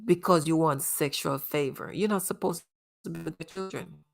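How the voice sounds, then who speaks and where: A woman's voice: sits low, moderate pace, vocal fry. A woman hosting a commentary on a news case, speaking earnestly and morally to parents in the audience. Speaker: host.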